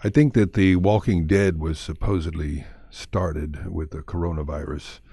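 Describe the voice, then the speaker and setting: A man hosting a radio interview, asking quick prompting questions. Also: low-pitched, steady tone, creaky, mellow, slightly rough, dry recording. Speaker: radio host.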